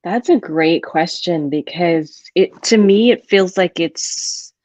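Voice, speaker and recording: A woman on a panel answering a question slowly and thoughtfully. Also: fairly low pitch, darkish tone, no echo. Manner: slow, thoughtful.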